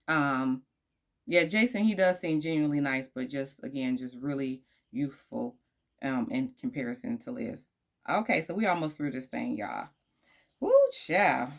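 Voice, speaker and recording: Low-voiced sassy woman reviewing TV. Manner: animated, laughing asides, slangy and sassy. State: tired, late at night. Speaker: YouTuber reviewing a dating show. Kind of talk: casual chatty review.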